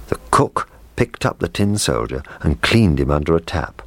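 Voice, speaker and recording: Male storybook narrator, very deep, expressive swings. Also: normal speed, hardly any pauses, no echo. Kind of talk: storybook reading.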